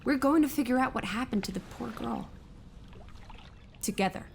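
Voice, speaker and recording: A woman's voice: a little high, moderate pace, gravelly, a little hiss or hum. A woman playing a spirited young ward in a horror game, who scolds and teases her companion. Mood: lecturing. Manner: scolding, playful.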